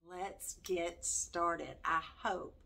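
A woman's voice: fairly low pitch, little pitch movement, extremely slow, creaky, pushed and bright. An older grandmother with a Southern accent, chatting folksily about homeschool books in a vlog. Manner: chatty, folksy, reads book titles aloud. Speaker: homeschooling vlogger. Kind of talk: casual chat to camera.

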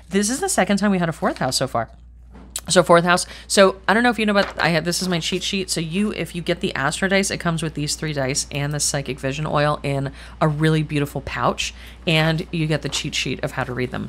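A woman's voice: deep voice, a little fast, fairly bright tone, slight background noise. A middle-aged woman giving a chatty tarot reading to camera, rambling and thinking aloud, swearing casually and speaking bluntly. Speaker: tarot reader.

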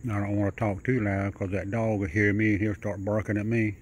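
A man filming outdoors at night, talking low and coaxing in a soft sing-song call that rises in pitch. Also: little pitch movement, a little fast, slight background noise. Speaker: wildlife video maker. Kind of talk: hushed narration while filming animals. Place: outdoors at night near a house.

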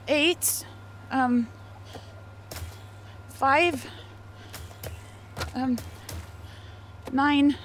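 A woman's voice: fairly high pitch, expressive, unhurried, pauses often, a bit bright, a little hiss or hum. A woman talking to herself while playing a video game, thinking aloud and yelping when something startles her. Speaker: gamer. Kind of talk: casual gameplay commentary.

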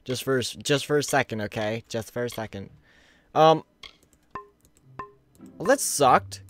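A man's voice: medium pitch, takes it slowly, pauses often, pushed and bright. A man recording let's play commentary, goofy and laughing, mock-outraged at the game. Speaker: gaming channel host.

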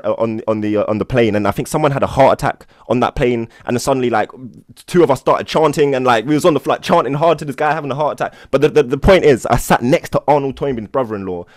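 A man with a mid-range voice hosts a Buddhist study session, casually teaching and storytelling with enthusiasm. He rambles and restarts frequently; the audio is studio quality with no echo.

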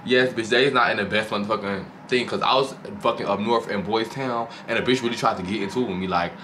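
A man's voice: fairly low pitch, quick pace, pushed and bright. A man hosting his own channel, recapping a reality show in casual, profane, gossipy commentary with dramatic flair. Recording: noticeable background noise.

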